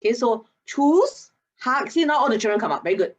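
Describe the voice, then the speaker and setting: A woman, speaking as an animated expert in an online masterclass and teasing her audience. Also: on the high side, a little fast, highs cut off. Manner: animated, chatty, teasing, with local particles like lah. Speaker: guest speaker on mental wellness.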